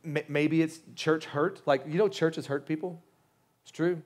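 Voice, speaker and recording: Pastor guy preaching easter, pretty high voice, talks casual with lots of stumbles and restarts. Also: fairly even intonation, a little slow. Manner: conversational, stammering restarts, pleading; casual slang, joking asides. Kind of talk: sermon.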